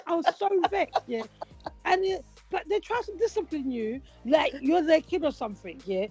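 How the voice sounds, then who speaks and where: A woman, co-hosting a casual chat and telling stories with lively acted-out quotes. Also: high voice, normal speed. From Britain. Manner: animated storytelling, acts out quotes. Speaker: podcast co-host. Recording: dull lo-fi sound with faint music.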